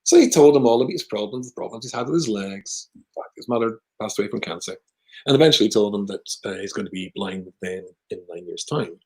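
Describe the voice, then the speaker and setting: A man with a British accent, a rabbi telling a long personal story in conversation, with lively asides. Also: lowish voice, fast talker, poor audio. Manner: animated anecdotal storyteller with asides.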